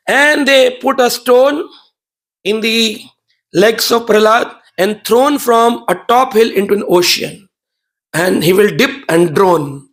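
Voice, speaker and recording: Male preacher, very high gravelly voice, animated storytelling sermon. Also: a little slow.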